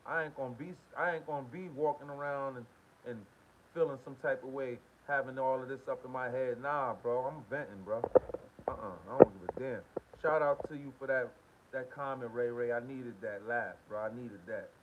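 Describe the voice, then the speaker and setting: A man's voice: mid-range voice, moderate pace. A man hosting a live stream, talking casually and repetitively in while reading viewer comments. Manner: venting, repetitive, slangy. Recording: dull lo-fi stream with faint hiss.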